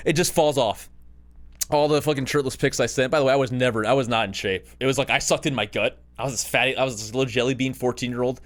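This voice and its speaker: A man's voice: mid-range voice, steady tone, fast talker. Casting: thirties male podcast host, casual anecdote, loose and profane, laughs at himself, mid-range voice. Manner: rambling, profane, self-mocking anecdotes with laughter. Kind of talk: casual storytelling.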